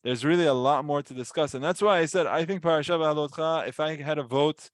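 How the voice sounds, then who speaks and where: A man's voice: fairly high pitch, fast, dry recording. A man giving a casual weekly Torah lesson, telling the story with animation and acting out voices. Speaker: Torah teacher.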